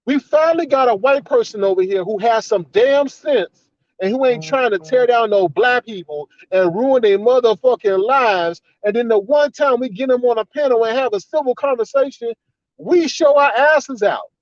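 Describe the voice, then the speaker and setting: Indignant high-voiced man ranting. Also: normal speed, dry recording. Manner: indignant, profane, repetitive ranting. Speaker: commentator. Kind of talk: ranting commentary vlog. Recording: slightly dull, dry recording.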